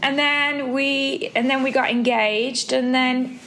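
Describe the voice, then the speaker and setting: A bright, fairly high-voiced woman from the Black Country, her English accent worn down by years abroad. She talks fast and chattily, often laughing at herself. Faint noise sits behind her voice. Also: fairly even intonation. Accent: English Black Country, softened by travel and time in America. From England, Black Country. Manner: chatty, quick, laughs often, self-deprecating. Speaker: guest, Pilates instructor and former dancer. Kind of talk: casual interview chat.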